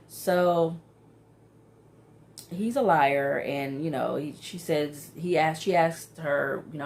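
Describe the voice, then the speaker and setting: Low gravelly woman recapping a reality show. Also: slow, a little hiss or hum. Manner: animated, exclaims in disbelief, frequent ums. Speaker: TV recap vlogger.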